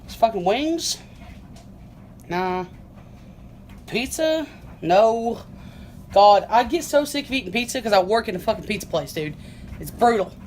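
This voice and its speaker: Slow, laid-back, swearing young woman. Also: on the high side, lively intonation, darkish tone, slight background noise. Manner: laid-back, profane, slangy. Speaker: vlogger. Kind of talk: casual vlog chat.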